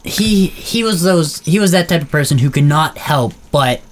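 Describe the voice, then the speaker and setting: A man's voice: fairly high pitch, expressive, moderate pace, slight background noise. A young man from Canada co-hosting a podcast, chatting casually with dry jokey asides. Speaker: podcast co-host. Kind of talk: casual chat.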